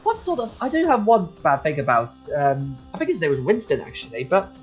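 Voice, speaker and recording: A man co-hosts a casual gaming podcast in chatty, chuckling banter. His pitch swings widely as he talks. Faint music sits under the conversation. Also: huge pitch swings, brisk, rough recording. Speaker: podcast co-host.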